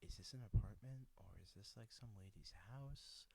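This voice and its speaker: A man's voice: medium pitch, moderate pace, gravelly, mellow, slight background noise. Young guy telling a rambling story. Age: young adult. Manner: rambling storyteller, swears a lot, laughs often. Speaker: podcast co-host. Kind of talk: casual chat.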